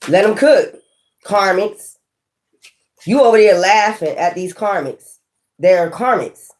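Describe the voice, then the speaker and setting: A tarot reader gives a reading in a blunt, profane manner, laughing often and addressing the listener directly. Her medium-pitched voice is slow and a little mellow.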